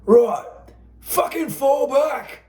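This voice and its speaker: A foul-mouthed army sergeant, as a man acts him out, roaring orders at his men in a high, strained bark. The voice swings wildly in pitch and rings with room echo. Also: expressive, extremely slow, warm tone, exaggerated voice. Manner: bellowing orders, swearing.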